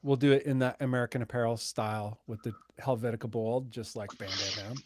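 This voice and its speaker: A man's voice: medium pitch, steady tone, fairly quick, no echo. A man in his thirties co-hosting a podcast in casual chat, easygoing and rambling, laughing often. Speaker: podcast co-host.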